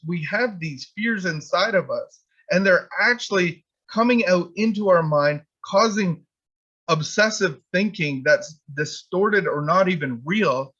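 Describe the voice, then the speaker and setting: Man telling self-mocking stories, high-pitched. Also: fairly bright tone, husky, highs cut off. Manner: rambling, self-deprecating anecdotes with many restarts. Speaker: addiction recovery teacher. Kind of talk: personal storytelling talk.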